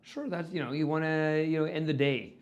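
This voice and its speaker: A man's voice: a little high, highs cut off. A man co-hosting a podcast who gives short replies and jokes along with his partner. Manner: joking, quick short replies and wisecracks. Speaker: podcast co-host. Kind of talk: casual chat.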